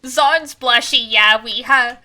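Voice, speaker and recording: A woman's voice: on the high side, takes it slowly, bright, forceful tone. A young adult woman streaming a game, chatting casually and rambling with lots of fillers and giggles. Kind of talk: casual gaming stream chat.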